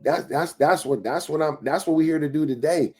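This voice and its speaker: Husky-voiced man giving a motivational talk. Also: brisk, a little mellow. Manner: emphatic preaching with repetitions; drops to a low whisper acting out inner doubts. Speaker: motivational speaker.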